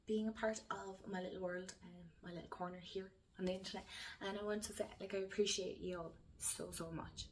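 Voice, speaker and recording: An Irish woman talks casually to camera in a relaxed vlog, chatty and effusive with lots of fillers. She sounds moved, close to tears. Her voice sits in a middle pitch. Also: a little fast. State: emotional, near tears. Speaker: YouTube creator.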